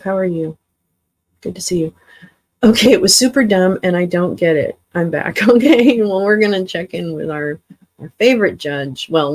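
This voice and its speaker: A woman's voice: on the low side, a little mellow, husky. A tired woman hosting a livestream, chatting with viewers in a rambling way, swearing and laughing often. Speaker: livestream host. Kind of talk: casual livestream chat with viewers.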